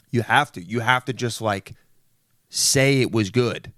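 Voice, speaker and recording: A young man rambling through a comedic solo rant as a podcast host, poking fun at himself and at others. His voice sits at a middling pitch. The sound is close and dry, with no room around it. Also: a little slow, sharp tone, no room sound. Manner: rambling, mocks others in put-on voices, self-deprecating.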